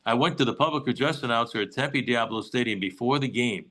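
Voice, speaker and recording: Bright-voiced older man telling stories. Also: mid-range voice, fast talker, low-quality recording. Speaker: Mariners broadcaster, guest. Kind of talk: casual interview chat, storytelling.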